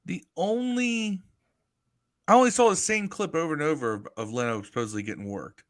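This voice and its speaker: A man co-hosting a podcast, talking sports in an animated, storytelling way with casual swearing. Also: on the high side, fairly quick. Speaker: podcast co-host. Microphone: live stream podcast mic.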